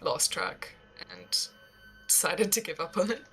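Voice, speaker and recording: A woman chats as a player on a tabletop game stream, relaxed and brief. Her voice is lower than most women's but bright and forceful. Faint music plays behind her. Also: a little slow. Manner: laid-back, brief replies. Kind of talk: livestreamed tabletop game chat.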